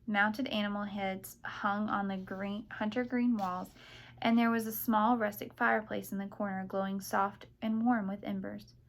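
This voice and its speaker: Hey, woman narrating a novel, calm steady read. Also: medium pitch, normal speed. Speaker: audiobook narrator. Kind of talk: audiobook narration.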